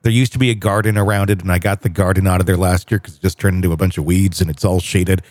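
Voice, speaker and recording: A man co-hosting a podcast rambles casually through jokes in a low-sitting, slightly mellow voice. He talks fast with a steady tone, and the studio sound is clean, with no room sound.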